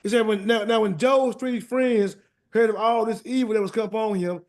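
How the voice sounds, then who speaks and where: A man leading a weekly scripture word study and prayer, animated and colloquial, often repeating words as he searches for them. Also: high-pitched, normal speed. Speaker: Bible study teacher. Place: meeting room streamed live.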